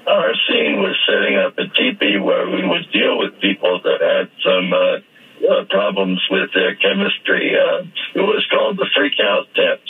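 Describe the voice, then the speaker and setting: An older man telling playful stories as a radio guest, whimsical and given to sudden high squeaky bursts. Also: sing-song, moderate pace, gravelly, breathy edge. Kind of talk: playful anecdotal storytelling. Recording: phone-like radio line.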